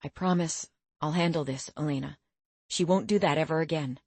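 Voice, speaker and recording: A woman's voice: low-pitched, a little fast, darkish tone, dry recording. A woman voicing a concerned, protective teenage boy who is a young mage. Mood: tender.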